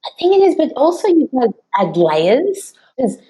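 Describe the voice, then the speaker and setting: A woman's voice: high-pitched, big pitch swings, moderate pace, mellow. A woman interviewer speaking in an articulate, reflective way. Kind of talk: interview commentary.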